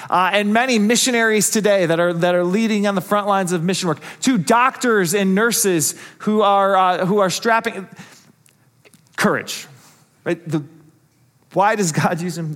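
A man's voice: high-pitched, a bit bright. A man preaching a sermon to his congregation, earnest and conversational, asking rhetorical questions. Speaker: pastor.

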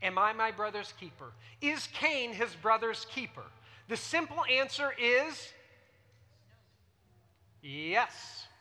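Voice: mid-range voice, very animated, slow pace, long pauses, pushed and bright. A preacher giving a teaching sermon, often putting questions to the listeners. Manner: teaching, asks the audience questions. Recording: reverberant hall.

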